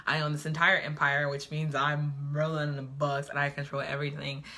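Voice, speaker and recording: Cocky young billionaire man, blunt and boastful, pitched lower, as a woman puts him on. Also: monotone, brisk, bright, forceful tone. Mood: smug. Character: arrogant young male billionaire boss, cocky.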